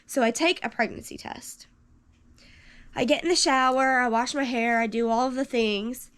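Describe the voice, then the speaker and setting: A woman's voice: on the high side, normal speed, fairly bright tone, clear, resonant tone. A woman vlogger telling a personal story in a casual, chatty way, step by step, with frequent ums.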